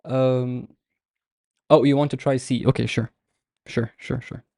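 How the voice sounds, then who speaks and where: A man teaching a live online class, explaining patiently and step by step with many pauses. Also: medium pitch, flat delivery, creaky, darkish tone, no room sound, clean studio sound. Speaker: Arabic teacher.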